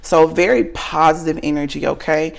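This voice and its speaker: A woman's voice: deep voice, steady tone, normal speed, creaky. A woman with a Southern US accent giving a casual tarot reading straight to the viewer, frank and earnest, ending almost every sentence with a questioning "okay?". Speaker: tarot reader.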